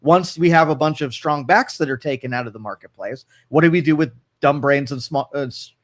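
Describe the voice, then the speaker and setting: A man's voice: on the high side, fairly quick. A man co-hosting a radio talk show, opinionated and rambling, with frequent restarts and an Ohio accent. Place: radio studio.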